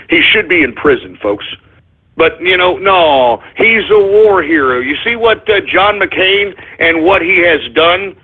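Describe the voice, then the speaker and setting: A man hosting a political talk radio show, ranting angrily with profanity, shouting in bursts and calling his listeners folks. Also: high voice, animated, slow pace, breathy edge. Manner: addresses listeners as folks and gives orders to the engineer. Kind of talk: angry political call-in radio rant. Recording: tinny phone-like lo-fi audio.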